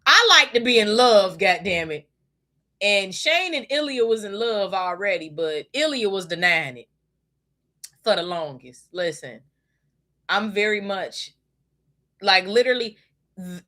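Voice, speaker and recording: A woman hosting a casual podcast, telling a story in a gushing, profane way with loud squeals. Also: medium pitch, sing-song, measured pace. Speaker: podcast host. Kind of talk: casual chat. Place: home desk.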